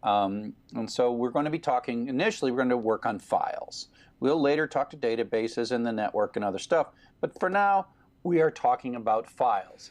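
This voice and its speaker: Guy teaching a coding class, chatty explainer, lots of ums. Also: mid-range voice. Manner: explanatory, loose with fillers. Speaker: programming lecturer. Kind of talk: recorded lecture.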